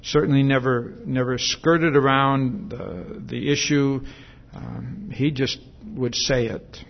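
A man's voice: mid-range voice, takes it slowly, vocal fry, highs cut off. A man preaching a sermon in a conversational way, with many fillers and restarts, and asking the congregation questions.

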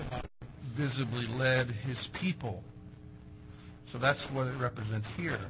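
A male pastor preaching a sermon, swinging between loud emphatic phrases and quiet asides. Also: medium pitch, background noise.

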